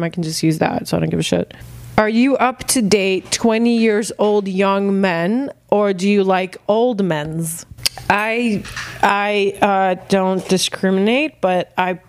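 A woman's voice: medium pitch, clear, resonant tone. Young female podcast host, blunt and giggly, reading Q and A in casual chat. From Arab family. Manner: blunt, laughing, reads fan questions aloud.

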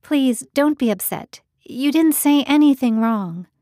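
A woman voicing a polite, reserved young woman in an audiobook, gentle and brief in her answers. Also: high-pitched, lively intonation, unhurried, no room sound, studio quality, pitched above the performer's own voice. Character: weary, polite young woman, quietly grieving. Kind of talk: audiobook character voice.

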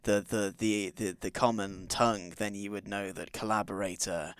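A man's voice: fairly low pitch, fairly even intonation, moderate pace, smooth, no echo, studio quality, close to an everyday voice. A man playing a zealous warrior nun of a holy order in a tabletop game, lecturing his foe in a pompous way. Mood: scornful.

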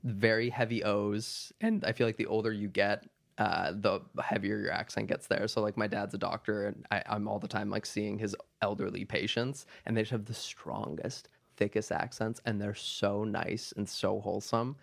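Young male guest from Minnesota, gravelly, low-pitched, easygoing. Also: fairly even intonation, normal speed. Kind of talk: casual chat.

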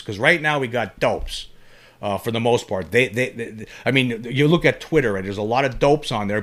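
A man giving impassioned opinion commentary on his vlog, repeating himself and restarting sentences as he urges his viewers to act. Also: medium pitch. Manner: impassioned, repetitive, full of restarts. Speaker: online commentator.

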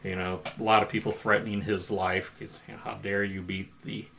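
A man co-hosting a casual talk show, knowledgeable and steady, fixing details as he tells stories. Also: on the low side, a little fast, gravelly, slight background noise. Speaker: podcast co-host. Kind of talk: casual chat about wrestling.

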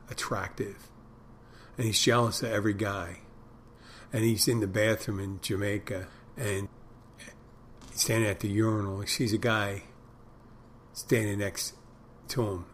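Rambling middle-aged male podcaster, low voice. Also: a little hiss or hum. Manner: meandering storyteller, tells crude jokes. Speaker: podcast host. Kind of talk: rambling casual monologue.

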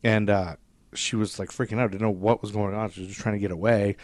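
A low-pitched man rambles through a story on a podcast, casual and loose, jumping into character voices for quotes. His voice is recorded dry and close, with no room sound. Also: steady tone, fast talker, darkish tone, no echo. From Scottish descent, grew up in America. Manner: rambling, acts out quotes in shifting voices, swears freely. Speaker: podcast host.

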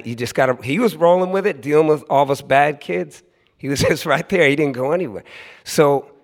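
A man in his forties from Oakland telling a loose, laughing story on stage, acting out other people's voices as he goes. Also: medium pitch. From Oakland, California. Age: 40s. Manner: animated, acts out other people's voices in quotes; laughs often, loose and conversational with many restarts. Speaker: storytelling speaker at a live event. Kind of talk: live storytelling monologue. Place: club stage before a live audience.

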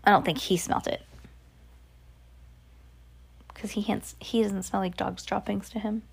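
A woman's voice: medium pitch, steady tone, a little fast, gravelly, slight background noise. A woman reading a children's book aloud in a casual way, with small slips and giggles along the way.

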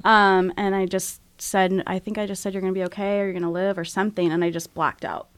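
A woman speaks as a guest, candidly recounting something painful. Her delivery is frank and halting, and she is close to tears. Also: medium pitch, flat delivery, smooth. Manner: frank, halting, emotional retelling. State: tearful. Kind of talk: candid personal storytelling.

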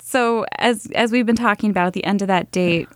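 A woman's voice: mid-range voice, brisk, no room sound, studio quality. A woman hosting a podcast interview, talking in a candid, reflective way. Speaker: podcast host.

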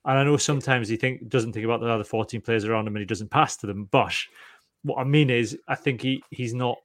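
A man co-hosting a podcast, telling stories in a lively, animated way and mimicking the people he talks about. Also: mid-range voice, fast talker, dry recording, clean studio sound. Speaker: podcast co-host. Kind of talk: casual sports chat.

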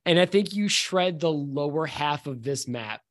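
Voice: mid-range voice, measured pace. Tabletop game master, easygoing and descriptive. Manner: relaxed, descriptive, hesitant.

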